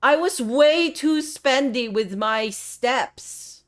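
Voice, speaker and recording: A woman commentates a live game stream in a high, bright-pitched voice. She speaks at a slow, drawn-out pace. Her manner is melodramatic, and she addresses her viewers as friends. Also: lively intonation. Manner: melodramatic, talks to chat as friends.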